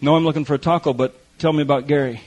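A man's voice: fairly high pitch, steady tone, rapid-fire, darkish tone, a little hiss or hum. A middle-aged man preaching a folksy testimony sermon, telling stories and acting out the other people in them. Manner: folksy storytelling with quoted voices and repetition. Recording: muffled lo-fi recording.

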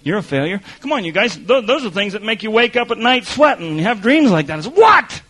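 A man with a high voice delivers a sermon from the pulpit. He swings between loud emphasis and hushed, low asides. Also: lively intonation, quick pace, poor audio. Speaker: preacher.

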